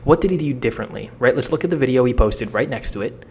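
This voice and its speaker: A young man giving a casual, energetic how-to talk as a social media coach, blunt and slangy with frequent repeats. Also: mid-range voice, quick pace, a little hiss or hum.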